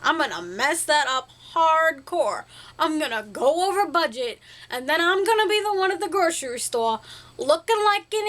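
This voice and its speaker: Young woman, high-pitched, bright sharp tone, casual vlog, rambling, silly, self-mocking. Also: lively intonation, moderate pace. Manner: chatty, silly, self-deprecating, playful made-up words. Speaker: vlogger.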